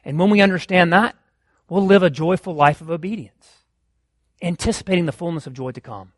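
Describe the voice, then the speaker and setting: A man preaching a sermon as pastor of his church, impassioned and rising to loud exclamations. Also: high-pitched, a little fast, dry recording, clean studio sound.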